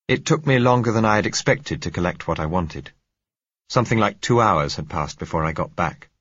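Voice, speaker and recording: A man narrating an audiobook in a measured, dramatic reading. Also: deep voice, animated, fairly bright tone, breathy edge, no room sound. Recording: dull, dry recording.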